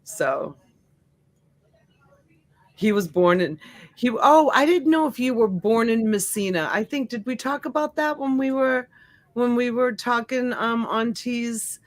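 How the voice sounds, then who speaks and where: A woman's voice: on the high side, expressive, measured pace. A middle-aged woman, born in Sicily and raised in the US, hosting a casual livestream and greeting viewers by name. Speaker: livestream host. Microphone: desk USB mic.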